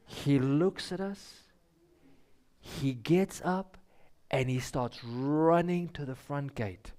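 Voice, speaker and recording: A man's voice: on the high side, takes it slowly. A man telling a story to a church congregation, acting out the characters as he goes. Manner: animated storytelling with voiced characters. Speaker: speaker giving a children's story. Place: church sanctuary.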